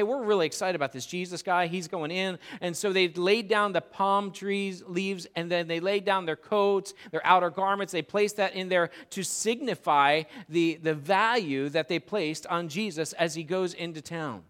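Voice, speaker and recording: A man preaching a sermon as pastor, telling the story with animated storytelling and acting out the crowd's voices. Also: sits high, moderate pace, hardly any pauses, clean tone.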